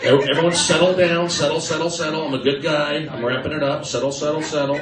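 A male stand-up comedian doing loud, pushy crowd work on a club stage. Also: fairly high pitch, fairly even intonation, fast. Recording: roomy club sound from a distance.

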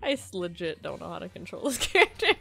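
A woman's voice: lowish voice, big pitch swings, quick pace, creaky, bright, forceful tone. A woman playing a game in a race, chatting casually, asking questions and laughing at her mistakes. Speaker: speedrun racer. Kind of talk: casual chat while playing.

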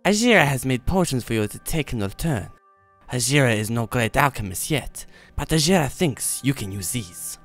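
A scheming cat-folk apprentice mage who calls herself by name instead of "I". She sounds like recorded video game dialogue, at a middle pitch with faint music underneath. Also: big pitch swings, normal speed, fairly bright tone. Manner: speaks of herself in third person.

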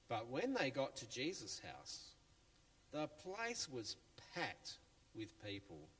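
A man tells a children's Bible story in church in a playful, chatty, animated way. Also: mid-range voice, slow. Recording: long church reverb, faint music.

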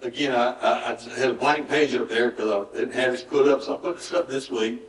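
A man's voice: mid-range voice, steady tone, fairly quick, a little hiss or hum. A man with a Southern US accent preaching a sermon as pastor, folksy and conversational, acting out what people say. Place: church sanctuary. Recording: echoey church room, mic at a distance.

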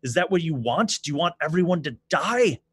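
A man's voice: on the high side, lively intonation, a little fast, fairly bright tone, husky, pitched above the performer's own voice. A man voicing a proud captive king who speaks formally and insists urgently. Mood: urgent pleading. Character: captive scheming male king, proud, pleading.

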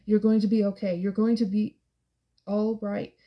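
A woman's voice: mid-range voice, level tone, normal speed, muffled recording, close to an everyday voice. A woman voicing a blunt, tough young male rebel in an audiobook, urgent and bossy.

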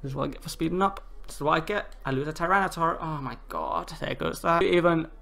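A young man commentating his own gameplay, exasperated, swearing, and breaking into shouts and laughs at his losses. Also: on the high side, lively intonation, quick pace, creaky.

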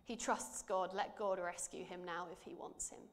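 In a fairly low, steady voice, a woman preaches in church and reads from scripture. Her delivery is measured and earnest, dipping softly for emphasis.

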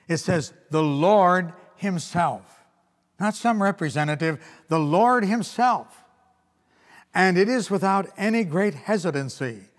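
A man preaching a sermon as pastor, leaning hard on key words and slowing down to read scripture. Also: high voice. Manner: emphatic preaching with slowed, stressed scripture readings. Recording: long hall reverb.

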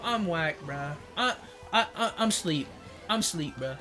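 Young guy streaming a racing game, kinda high voice, slangy and joking, yells at the screen, quiet game music under him. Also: animated, moderate pace. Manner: slangy, jokey, reads chat aloud, yells at the game. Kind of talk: casual game streaming chat. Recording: faint game music behind.

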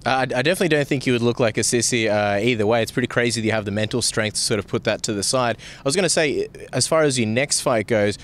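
A man's voice: medium pitch, fast, hardly any pauses. A man interviewing a fighter, asking questions in a casual, friendly way.

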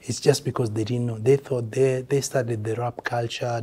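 A man's voice: mid-range voice, fairly even intonation, moderate pace, darkish tone, breathy edge. An older man with a Kenyan accent, a veteran musician speaking bluntly and emphatically in a casual interview, dropping in Swahili phrases.

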